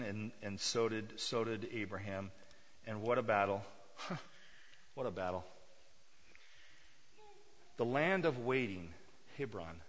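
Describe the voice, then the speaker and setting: A man's voice: lowish voice, fairly bright tone. A male pastor preaching a sermon emphatically, firing rhetorical questions at his congregation. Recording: dull sound with long hall reverb.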